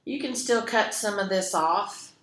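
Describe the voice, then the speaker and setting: Librarian lady reading a kids story real slow, gentle, echoey room. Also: mid-range voice. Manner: gentle, expressive, addressing kids. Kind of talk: storytelling for children.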